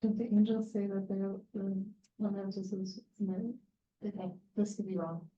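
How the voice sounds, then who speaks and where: A woman's voice: mid-range voice, fairly even intonation, moderate pace, warm tone, muffled recording, slight background noise. Tentative woman on distant echoey audio. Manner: tentative, thinking aloud. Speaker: class participant.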